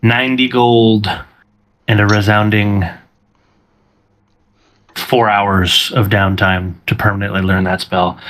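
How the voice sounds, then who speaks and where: Brief: male game master, bright tone, laughs a lot, playful table banter. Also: lowish voice, slight background noise. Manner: laughs often, playful and animated. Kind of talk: running a tabletop game, casual chat.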